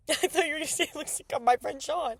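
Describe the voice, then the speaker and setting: A young woman chatting casually to her phone camera from a car, giggly and excitable, laughing often. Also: high-pitched, fairly quick, vocal fry, background noise. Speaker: vlogger. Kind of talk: casual vlog chat. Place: inside a car.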